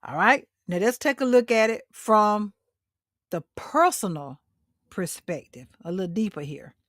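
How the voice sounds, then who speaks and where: A woman's voice: medium pitch, expressive, a little slow, no room sound, clean studio sound. A middle-aged woman hosting a motivational livestream talk, speaking directly to her listeners and repeating her key lines for emphasis. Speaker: host.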